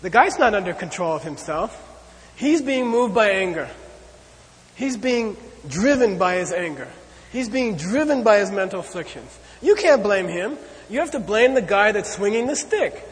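A man teaching a lecture on Buddhist ideas, talking in an animated, conversational way and checking in often with "okay?" and "you know.". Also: sits high, moderate pace. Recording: long hall reverb.

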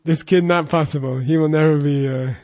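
A man's voice: on the high side, steady tone, brisk, darkish tone, no echo, studio quality, close to an everyday voice. A man voicing a Hindu sage who gives up on a hopeless pupil, sounding exasperated and dismissive. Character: exasperated male Hindu sage teacher giving up.

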